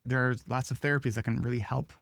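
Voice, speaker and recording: Calm male podcast host, dry sound. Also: mid-range voice, quick pace, no room sound. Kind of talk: conversational interview.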